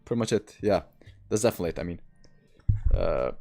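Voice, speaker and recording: Low-voiced man chatting on a live stream. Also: expressive, fast talker, gravelly, dark tone, soft background music. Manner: loose, rambling, swears casually. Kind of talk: casual live-stream chat.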